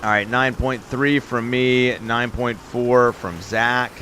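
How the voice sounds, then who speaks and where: Upbeat male streamer, bright voice, talks to chat and calls the action. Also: mid-range voice, fairly even intonation, slow, a little hiss or hum. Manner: chatty, upbeat, talks straight to viewers in chat. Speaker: live-stream host and game commentator. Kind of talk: live-stream chat and play-by-play commentary.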